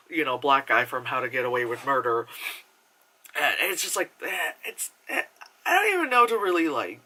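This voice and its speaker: A man's voice: mid-range voice, pushed and bright. A man giving a casual, rambling movie review, full of fillers and swearing.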